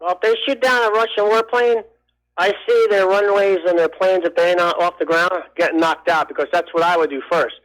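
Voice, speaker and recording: A man's voice: high-pitched, fairly even intonation, fairly quick, fairly bright tone. A man from New Jersey calling in to a radio show, chatting and speculating. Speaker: radio caller. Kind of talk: phone-in call. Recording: tinny phone line.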